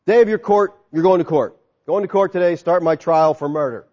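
Male pastor, high voice, lively sermon delivery; dull recording with a long hall echo. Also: a little fast. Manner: animated preaching, acts out crowd voices; soft, quiet prayer.

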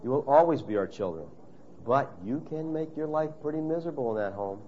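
A man preaching a sermon, speaking straight to his congregation and acting out quoted voices with sudden loud bursts. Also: mid-range voice, expressive, a little fast, slight background noise. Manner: emphatic, direct address to the congregation. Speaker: pastor. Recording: muffled, dull lo-fi sound.

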